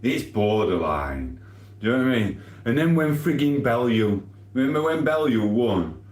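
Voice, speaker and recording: A man's voice: medium pitch, very animated, moderate pace, a little mellow, roomy sound. Jokey Sheffield man streaming live. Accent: Sheffield, Yorkshire. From England. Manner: rambling, jokey banter with frequent laughs. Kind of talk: casual live stream chat reading comments.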